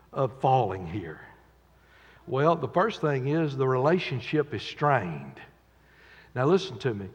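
A man preaching a sermon in a church, dramatically acting out quotes and swinging between loud and quiet. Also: mid-range voice, slightly rough. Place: church sanctuary. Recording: dull echoey church recording with long reverb.

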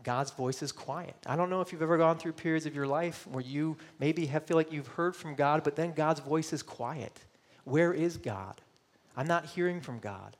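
A man's voice: a little high, moderate pace. A middle-aged man from Michigan preaching a sermon, earnest and personal, voicing searching questions and at times close to tears. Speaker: pastor.

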